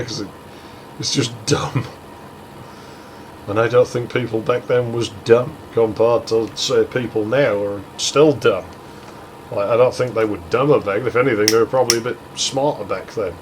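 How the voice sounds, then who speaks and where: A man talking over his gameplay in a loose, rambling rant, sardonic and quick to swear. His voice sits on the low side, with a faint hum of ambience beneath it. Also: poor audio. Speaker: let's play host.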